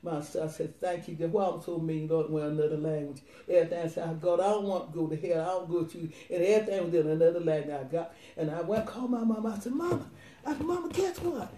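Excited elderly woman evangelist, echoey room. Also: sits low, fast, few pauses, distant mic. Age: 90s. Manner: excited, laughing, rambling storytelling. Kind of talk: testimony.

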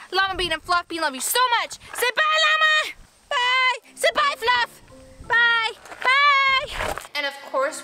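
A woman vlogging outdoors, excitedly calling out as she hunts for a lost toy llama. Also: high voice. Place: outdoors in woods.

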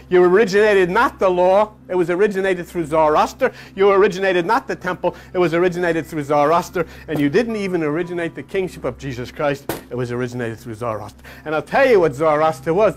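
A man delivering an impassioned, mocking monologue, breaking into snatches of song and imitating other people. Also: sits high. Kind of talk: animated monologue.

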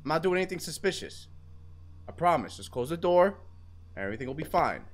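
A man's voice: fairly high pitch, very animated, brisk. Joking young man yelping over gameplay. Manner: loud, joking, swings from whispers to yelps. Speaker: gaming YouTuber. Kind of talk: let's play commentary. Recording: noisy background, mouse clicks.

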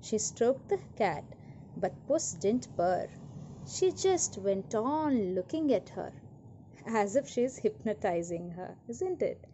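A woman reading a story aloud to children, animated and stopping to ask questions. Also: medium pitch, slow pace, muffled recording, a little hiss or hum. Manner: animated, asks listeners questions.

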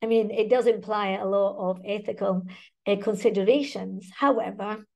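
A woman's voice: medium pitch, steady tone, moderate pace, vocal fry. A woman with a Scottish accent presenting a teacher webinar in a chatty way, often checking in with "okay?" and "right?".

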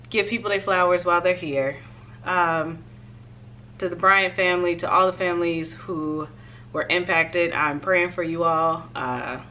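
A woman fashion vlogger chatting casually to her viewers in a try-on haul, expressive and direct. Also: fairly low pitch, muffled recording, a little hiss or hum.

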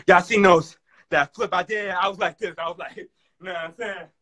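A man talking to viewers on a live stream, loud and excitable, hyping up a dance battle. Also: high-pitched, brisk, dry recording, clean studio sound. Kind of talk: casual live-stream chat. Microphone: phone mic on a live stream.

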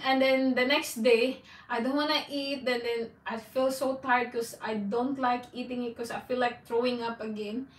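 Woman, vlogger, casual rambling chat, candid, exclamatory, slightly high voice, off-mic. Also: fairly bright tone, recorded from a distance. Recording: echoey room, voice off-mic.

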